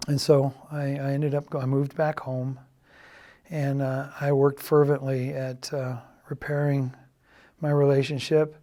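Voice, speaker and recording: A middle-aged man giving a halting, earnest confessional testimony, often dropping to a quiet, subdued tone. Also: mid-range voice, little pitch movement. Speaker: church member giving a personal testimony.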